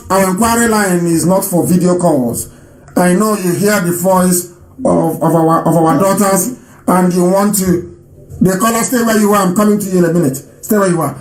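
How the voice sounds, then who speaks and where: A man from Nigeria hosting a live radio broadcast and taking calls, speaking emphatically and repeating phrases for stress. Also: sits high. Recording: roomy echo.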